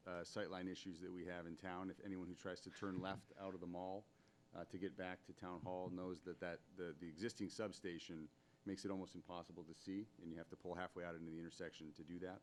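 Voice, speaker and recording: A man's voice: sits low, flat delivery, fast, a little hiss or hum. A man speaking at a town board meeting, explaining budget matters with many fillers. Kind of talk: public meeting remarks. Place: town hall meeting room.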